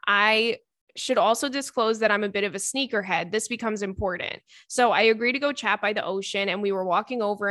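Bright, chatty young woman host. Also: medium pitch, no echo, clean studio sound. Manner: animated, giggly storytelling with frequent fillers. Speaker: podcast host. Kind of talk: casual chat, reading a listener letter.

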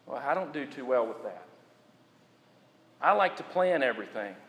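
A man preaching a sermon as pastor, building to emphatic, drawn-out repeated phrases and dropping low for quiet asides. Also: sing-song, long reverb tail, lo-fi sound.

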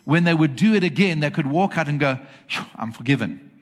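A man's voice: on the high side, expressive, fairly quick. A man preaching a sermon in church, emphatic and often checking that the congregation is following. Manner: emphatic, asks the congregation for agreement.

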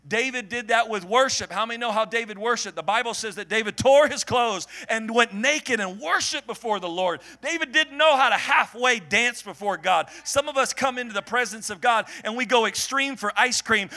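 Male pastor, lively sermon, high voice, bright and forceful, jokes with the crowd. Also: moderate pace, few pauses. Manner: animated, joking with the congregation, swings from murmur to shouting. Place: church hall before a congregation.

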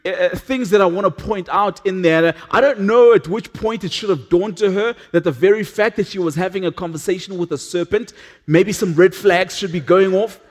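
High-voiced male pastor preaching earnestly. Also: moderate pace. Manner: earnest, with frequent restarts and dramatic drops to a hush. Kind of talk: sermon.

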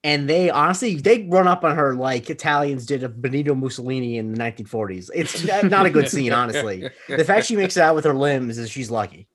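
A man's voice: medium pitch, lively intonation, fairly quick, hardly any pauses, a crowd in the background. A man recapping a TV episode in casual podcast chat, rambling with many fillers and joking at his own expense. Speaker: podcast co-host.

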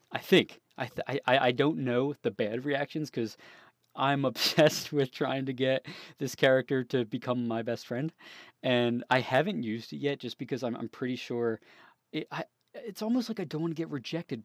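A man's voice: mid-range voice, moderate pace, no room sound, studio quality. A young man co-hosting a gaming podcast, talking casually and rambling, often laughing and restarting his sentences. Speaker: podcast co-host. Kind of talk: casual chat.

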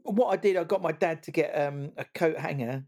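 A man's voice: on the high side, brisk, a little mellow. A man hosting a casual podcast chat, joking, laughing often and restarting his words. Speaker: podcast host.

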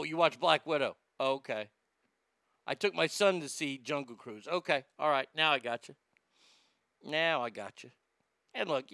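Hosting his podcast, a man chats casually through listener comments and rants bluntly with swearing, veering from loud outbursts to low mutters. The studio sound is clean, with no room sound.

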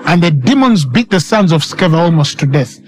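A man's voice: fairly high pitch, expressive, brisk, a little hiss or hum. A man preaching a sermon with emphatic delivery, repeating lines for stress and quoting scripture dramatically.

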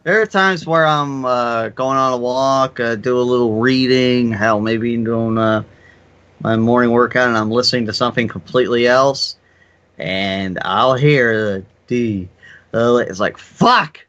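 A man co-hosting a casual podcast chat, talking in a profane, ranting way that bursts into mock shouts. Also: mid-range voice, steady tone, measured pace, dull audio. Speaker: podcast co-host.

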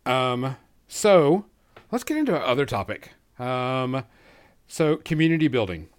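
A man's voice: medium pitch, sing-song, unhurried, smooth. A man hosting a casual podcast chat, easygoing and rambling, with many ums and uhs. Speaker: podcast host.

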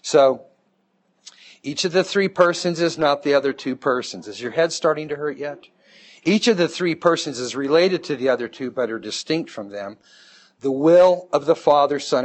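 Guy lecturing a bible class, mid-range voice, keeps checking "okay?" with everyone. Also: medium pitch. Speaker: Bible teacher.

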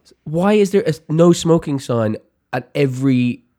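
A man's voice: on the high side, animated, moderate pace, warm tone. A man, a guest in a casual chat, telling rambling stories with lots of fillers and laughs.

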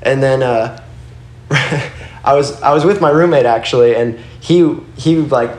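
In a relaxed chat, a young guest skateboarder rambles through stories, dropping curse words and plenty of "like"s. His voice is medium-pitched and his pace measured. The room gives the recording a noticeable echo.

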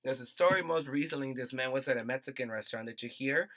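A man's voice: medium pitch, fast, fairly bright tone, dry recording. A man co-hosting a casual podcast, talking in a heated, profane, emphatic way. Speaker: podcast co-host.

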